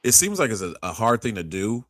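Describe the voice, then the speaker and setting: Low-voiced man telling rambling stories. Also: big pitch swings, a little fast, fairly bright tone, no room sound, studio quality. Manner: rambling storyteller who acts out quotes, many restarts. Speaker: podcast host. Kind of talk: casual chat.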